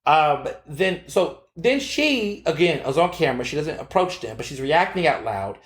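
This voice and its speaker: A man hosting his own podcast, telling a story and giving his opinions in a sassy, animated way, full of fillers and swearing. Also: a little high, moderate pace, reverberant. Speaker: podcast host. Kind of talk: casual opinion monologue.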